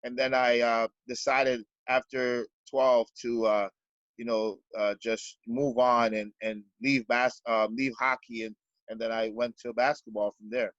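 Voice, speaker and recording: Man, from Canada, basketball coach, earnest, halting restarts, lo-fi dry call audio. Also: medium pitch, little pitch movement, fairly bright tone, no room sound. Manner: earnest, repeats words often while searching for them. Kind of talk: podcast interview.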